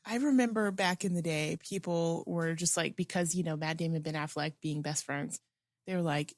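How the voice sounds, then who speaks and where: Low-voiced woman chatting about movies. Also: moderate pace, no echo, studio quality. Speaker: podcast co-host. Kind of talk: casual movie chat.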